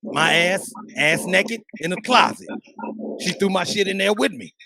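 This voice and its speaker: A man co-hosting a podcast, telling a story in a casual, profane, animated way. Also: high voice, measured pace, vocal fry, a crowd in the background. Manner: animated, profane, acts out quotes. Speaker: podcast co-host.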